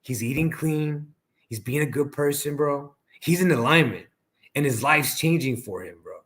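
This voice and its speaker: A man's voice: fairly high pitch, lively intonation, normal speed, a bit bright. A man who is a coach, talking casually as a podcast guest and often calling the listener "bro". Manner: casual, peppers speech with "bro".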